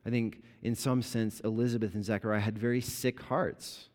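A man preaching a sermon as a pastor, explaining scripture conversationally and bringing the story to life with lively retellings. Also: fairly low pitch, moderate pace. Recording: long reverb of a large hall.

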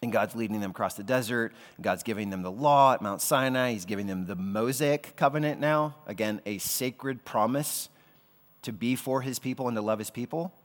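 A man's voice: medium pitch, normal speed, long reverb tail. A man preaching a sermon as a pastor, talking in a casual, conversational way with slangy asides.

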